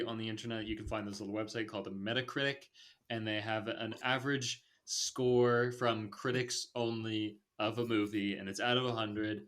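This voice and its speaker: Casual man hosting a podcast. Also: medium pitch. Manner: loose, filler-heavy and blunt. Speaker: podcast host. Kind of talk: casual movie review chat.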